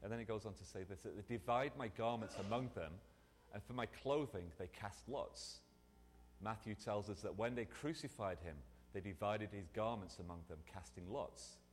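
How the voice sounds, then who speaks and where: A man preaching a sermon in a lively, conversational way, often restarting his phrases. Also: fairly low pitch, normal speed, a little hiss or hum. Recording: long hall reverb.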